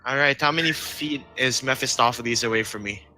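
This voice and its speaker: A man's voice: medium pitch, a little fast, bright, forceful tone, low-quality recording. A man playing a tabletop game, thinking aloud through his turn with hesitant fillers. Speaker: player. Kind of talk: casual tabletop game chat.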